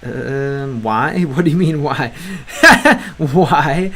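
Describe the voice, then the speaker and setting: Casual streamer man with a slightly high voice, halting, filler-heavy delivery, slipping into learner Russian. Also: lively intonation, sharp tone. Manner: halting, fills gaps with many ums and uhs; slips between English and learner Russian. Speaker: livestream host reading chat. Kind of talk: casual livestream chat.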